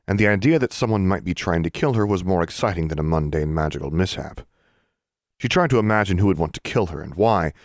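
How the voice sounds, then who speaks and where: A man narrating an audiobook in a steady storytelling manner. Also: deep voice, dry recording, studio quality.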